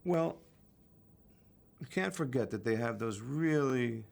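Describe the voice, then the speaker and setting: Man, middle-aged, gravelly, unhurried, halting, casual interview guest. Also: medium pitch, expressive. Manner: slow, halting, drawn-out answers full of uhs. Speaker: guest actor.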